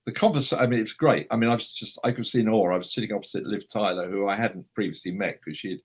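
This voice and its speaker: A man who is a writer, a guest in an interview, telling anecdotes in a chatty, animated and self-deprecating way. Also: fairly low pitch, quick pace, husky. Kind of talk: anecdotal storytelling.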